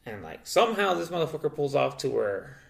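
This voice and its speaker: Young male podcast host, gravelly, casual and profane, bounces his pitch around to act out quotes. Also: very animated, fairly quick. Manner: loose and profane, acts out quoted voices with big pitch jumps. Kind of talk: casual storytelling chat.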